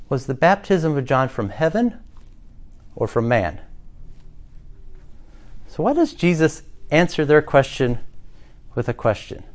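Male pastor with a slightly high voice, preaching a sermon with dramatic storytelling.

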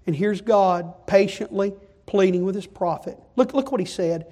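A man preaching a sermon, moving from quiet pleading to loud, impassioned delivery. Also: high-pitched, normal speed.

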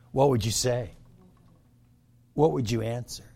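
A man preaching a sermon, swinging from quiet asides to shouted cries. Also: on the high side, sing-song, unhurried, creaky, long pauses. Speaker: pastor.

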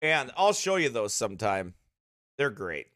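A man's voice: mid-range voice, sing-song, unhurried, a bit bright, no room sound, clean studio sound. A man, a pastor, chatting casually on a livestream, laughing often and in a goofy mood, his voice slightly strained.

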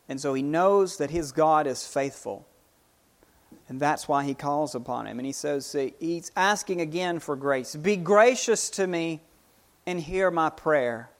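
A man preaching a sermon, unhurried, often repeating and restarting his phrases as he explains a psalm. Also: medium pitch, vocal fry.

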